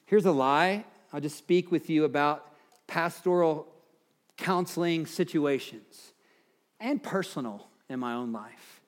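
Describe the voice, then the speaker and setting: Impassioned pastor preaching slowly. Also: male voice, a little high. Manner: impassioned preaching, rising emphatically on key phrases. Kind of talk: sermon.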